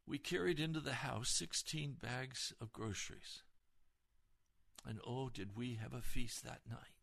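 A man's voice: medium pitch, measured pace, creaky, fairly bright tone. A male pastor giving an earnest, emotional testimony on a broadcast sermon.

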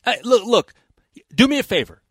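Energetic male sports radio host. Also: very high-pitched, breathy edge, no room sound. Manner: energetic, chatty, with quick asides. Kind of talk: casual radio sports recap. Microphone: studio microphone.

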